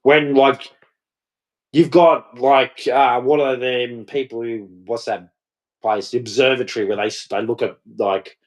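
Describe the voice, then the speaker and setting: A man's voice: mid-range voice, fairly even intonation, unhurried. A man ranting to camera in a scornful, mocking, rambling way. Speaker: vlogger. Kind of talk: casual rant to camera.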